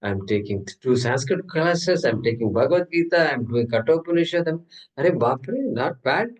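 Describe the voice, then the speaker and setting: In a rough recording, a Gita teacher with a medium-pitched, animated voice runs a casual scripture class at a moderate pace. He jokes and converses freely, often asking his own questions and answering them.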